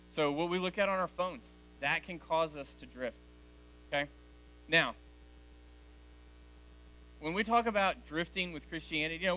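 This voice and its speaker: Man, 40s, youth speaker, bright and slightly high voice, talks straight to the teens, faint hiss behind. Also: poor audio. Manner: direct, conversational, addresses teens as guys. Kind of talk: youth sermon.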